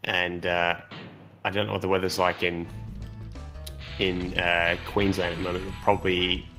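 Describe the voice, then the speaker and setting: A man's voice: sits low, little pitch movement, moderate pace, music in the background. A man casually commentating a video game race, chatty and rambling, with lots of fillers and restarts.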